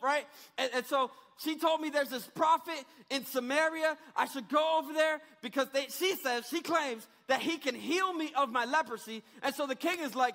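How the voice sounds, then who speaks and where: High, bright-voiced preacher in a hall. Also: male voice, moderate pace, hardly any pauses. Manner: retells scripture in casual slang, rises to shouting. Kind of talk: sermon. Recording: reverberant hall.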